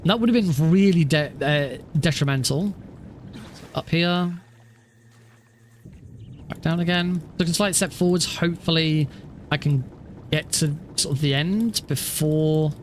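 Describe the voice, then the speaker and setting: A man's voice: fairly high pitch, measured pace, long pauses, a little hiss or hum. A man casually commenting on his own speedrun practice, rambling and self-deprecating with lots of fillers and restarts. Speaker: speedrunner streamer.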